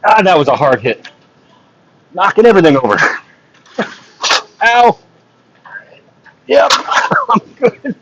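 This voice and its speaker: A man doing solo play-by-play of a ball hockey game, joking with chat between plays and rising in excitement on big plays. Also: high voice, slow, long pauses, dull audio, a little hiss or hum. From not from Texas. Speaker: play-by-play commentator. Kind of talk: solo live sports commentary with chat asides.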